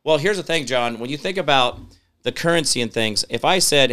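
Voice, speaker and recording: A man's voice: medium pitch, animated, a little fast, pushed and bright, smooth. A man hosting a live-stream show, talking emphatically and reading viewer comments, rambling with many fillers. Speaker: show host.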